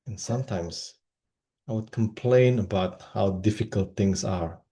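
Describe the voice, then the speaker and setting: A man's voice: on the low side, measured pace. A man from Indonesia giving a humorous personal-story speech at a speaking club. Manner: animated, comic storytelling with voices.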